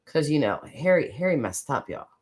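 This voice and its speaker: A woman's voice: sits low, big pitch swings, a little fast, darkish tone, breathy edge. A woman hosting a casual livestream chat, gushing and chatty, wandering off on tangents and laughing often. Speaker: host.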